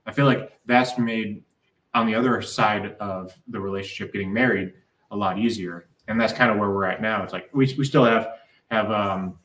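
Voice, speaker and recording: A man in casual chat as co-host, talking haltingly with many fillers. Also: lowish voice, a bit bright, echoey room, recorded from a distance, low-quality recording.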